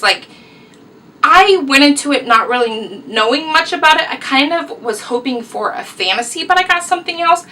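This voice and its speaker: A woman's voice: high voice, pushed and bright, recorded from a distance, rough recording. A young woman, chatting through a casual book review vlog, rambling and enthusiastic. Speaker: book vlogger.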